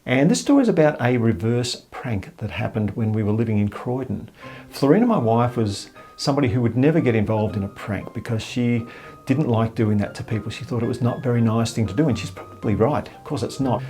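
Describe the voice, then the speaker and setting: An older man telling a jokey story in a casual, animated way. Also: mid-range voice, fairly quick, soft background music. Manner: jokey, animated, acts out voices.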